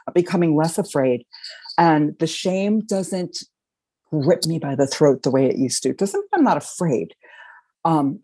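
A middle-aged woman sharing her recovery story, speaking in an emotional, halting and reflective way. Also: low-pitched, mellow, breathy edge, no echo, low-quality recording. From Baltimore, Maryland. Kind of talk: personal sharing.

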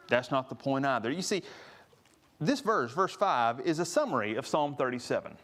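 A man preaching a sermon, earnest, rising to stress each scripture he quotes. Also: a little high. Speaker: pastor.

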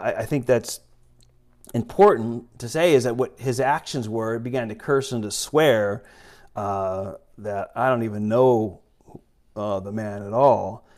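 A man's voice: medium pitch, unhurried, darkish tone. Man preaching casually with many fillers. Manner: rambling, conversational, many fillers and restarts. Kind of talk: informal sermon with scripture reading.

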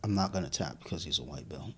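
A man's voice: rumbling low, quick pace, bright, forceful tone, husky. A man in his thirties in casual chat, profane and laughing as he tells stories, a little drunk.

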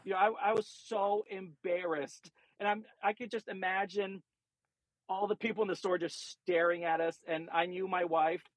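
A man tells a personal story on a podcast and acts out each quote with energy. His voice is high, and the recording is dry and close with no room echo. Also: steady tone, normal speed. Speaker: podcast co-host. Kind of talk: casual anecdote telling.

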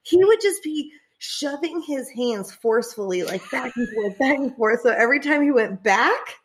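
A young woman telling a story in casual chat, animated, swearing freely and often laughing. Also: high-pitched, normal speed, slight background noise.

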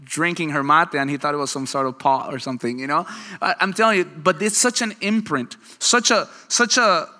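A man preaching a sermon in a conversational, animated way, often trading lines with his congregation. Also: on the high side, fairly quick. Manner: conversational, animated preaching with audience back-and-forth. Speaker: pastor. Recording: long hall reverb.

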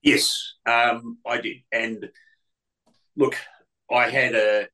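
A man's voice: mid-range voice, level tone, very slow, pushed and bright, poor audio. A man, a radio presenter telling stories as a guest, who is emotional and often repeats words and restarts. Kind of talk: storytelling interview.

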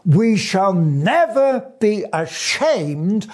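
A man's voice: sits high, sing-song, drawn-out words, a little mellow. An older man preaching a sermon, earnest and fervent, quoting scripture as he testifies.

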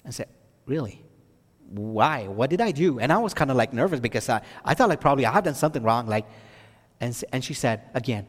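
A man's voice: medium pitch, lively intonation, fairly quick, long reverb tail. A man from Texas telling a testimony as a sermon, with many restarts and fillers, rising to emphatic preaching.

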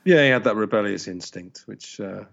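A man co-hosting a music podcast, talking in a measured, reflective way with hesitant fillers. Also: fairly low pitch, animated, gravelly, fairly bright tone. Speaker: podcast co-host and radio show host. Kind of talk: casual music podcast chat. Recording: dull lo-fi sound.

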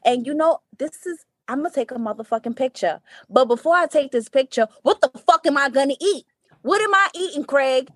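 Woman doing a high, vain young guy, slow cursing drawl, kinda high-pitched. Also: animated, a bit bright, no room sound, clean studio sound. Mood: lazy vain. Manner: lazy, drawling, profane. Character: vain stoned hungry young man.

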